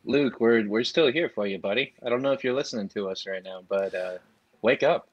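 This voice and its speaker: A man's voice: lowish voice, brisk, no room sound, muffled recording. Joking male co-host, dry sound. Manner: joking, opinionated. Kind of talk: casual pop culture chat.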